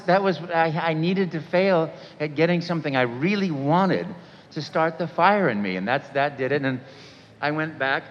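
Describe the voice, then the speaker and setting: A man's voice: a little high, a little hiss or hum. A man in his sixties telling stories to a convention audience, acting out quotes with sudden jumps in voice. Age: 60s. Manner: animated storyteller, acts out quotes with sudden jumps in voice. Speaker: voice actor guest speaker. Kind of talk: storytelling talk to a convention audience. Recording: dull sound with long hall reverb.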